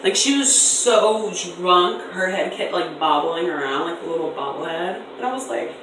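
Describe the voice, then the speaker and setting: Bright-voiced young woman telling a story. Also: fairly low pitch, moderate pace, slight background noise. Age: 20s. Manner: animated, slangy, acts out voices in quotes. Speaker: vlogger. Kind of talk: casual storytime. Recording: echoey room, distant mic.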